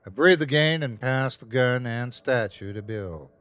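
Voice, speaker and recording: A male host narrates a horror tale in first person, unhurried and tense. His voice is mid-pitched, recorded close and dry with no room echo. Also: a bit bright. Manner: slow, tense storytelling.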